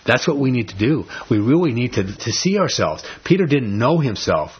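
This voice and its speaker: A man's voice: medium pitch, sing-song, normal speed, slightly rough, dull audio. A man preaching a sermon, blunt and emphatic, with casual slang mixed in. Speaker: pastor.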